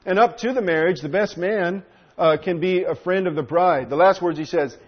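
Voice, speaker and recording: Man teaching Scripture, slightly high voice. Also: normal speed, breathy edge. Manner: earnest, explanatory, with frequent fillers and restarts. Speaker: Bible teacher. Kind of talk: expository Bible teaching. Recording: dull lo-fi recording.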